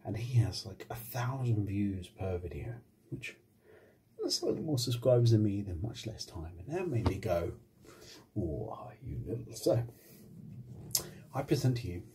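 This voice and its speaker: A man's voice: fairly low pitch, lively intonation, measured pace, dark tone, slight background noise. Wry, self-mocking man eating on mic. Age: adult, married. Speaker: ASMR channel host. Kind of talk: casual mukbang ASMR chat. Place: home with washing machine and computer running. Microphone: phone.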